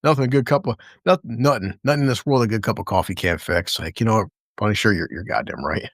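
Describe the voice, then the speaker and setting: A man's voice: lowish voice, fast talker, dry recording. Man, casual show recap, swears a lot, acts out scenes, dry close sound. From American Midwest. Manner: profane, animated, acts out lines from scenes. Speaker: podcast host.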